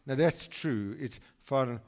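A man's voice: medium pitch, expressive, unhurried. A man from South Africa giving an enthusiastic, chatty guest talk in church while showing slides. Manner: enthusiastic, exclaiming, chatty asides. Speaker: guest speaker.

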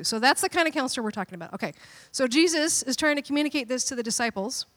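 Woman preacher with a fairly high voice, playful and lively, acting out quotes. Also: very fast. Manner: animated, playful, acts out quotes. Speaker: pastor. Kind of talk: sermon.

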